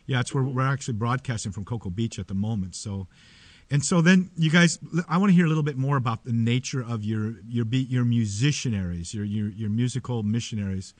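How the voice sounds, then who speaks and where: A man hosts a radio interview, teasing his guests with wry, joking questions. His voice sits at a middle pitch and is recorded close and dry, with no room sound. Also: brisk, no room sound. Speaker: radio show host. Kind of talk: casual interview chat. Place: broadcasting from a beach town studio.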